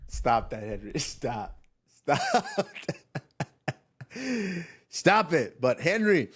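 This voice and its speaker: A man in his thirties co-hosting a casual sports talk show, animated and loose, often restarting his sentences and leaning on fillers as he interviews a guest. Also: mid-range voice. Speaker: podcast co-host and interviewer. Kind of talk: casual chat.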